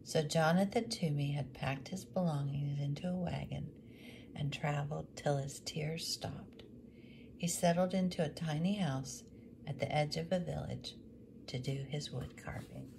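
Lady reading a kids book aloud, slow and gentle, low-ish voice. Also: steady tone, gravelly, background noise. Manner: slow, gentle, dropping to near whisper. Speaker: storyteller.

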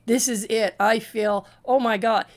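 A woman's voice: fairly high pitch, fairly even intonation, a little slow. A woman hosting a reaction commentary, exasperated and stammering as she talks back at a clip. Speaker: commentary channel host.

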